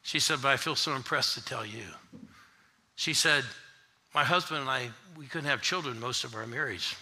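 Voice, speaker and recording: An older man preaching a sermon, telling stories with animated swells into shouted refrains. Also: mid-range voice, moderate pace. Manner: animated preacher, rising to shouts when retelling another preacher. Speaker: pastor. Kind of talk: sermon storytelling.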